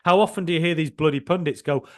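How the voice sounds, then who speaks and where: A man hosts a casual football podcast in an animated, joking way. He swears mildly and often breaks off and restarts his sentences. His voice sits fairly high. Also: fast talker. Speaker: podcast host.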